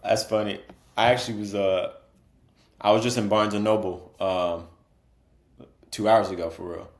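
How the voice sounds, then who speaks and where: A man's voice: lowish voice, fairly even intonation, moderate pace, reverberant. A man co-hosting a podcast in casual chat, laid-back and rambling, laughing often. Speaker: podcast co-host.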